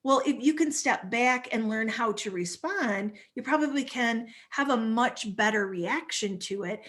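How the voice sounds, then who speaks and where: A woman in her forties, a family stress coach, talking in an animated, conversational way as a guest speaker. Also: a little high, measured pace. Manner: animated, acts out little voices while explaining. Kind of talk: conversational talk.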